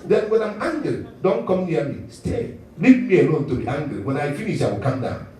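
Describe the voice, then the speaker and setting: A man preaching a sermon as pastor, animated and often chuckling as he talks. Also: on the high side, fairly quick. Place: church hall. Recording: echoey church hall, mic at a distance.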